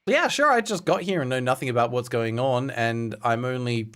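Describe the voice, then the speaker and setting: A man's voice: mid-range voice, lively intonation, moderate pace, fairly bright tone. A male streamer giving dry, sarcastic commentary while playing a game.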